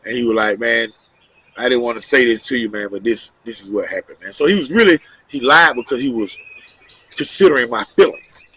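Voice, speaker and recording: Casting: man, casual storyteller, bright forceful voice, talks in loose asides. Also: mid-range voice, a little fast, slightly rough, no echo. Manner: loose, animated storytelling with asides and quoted dialogue. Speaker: guest storyteller.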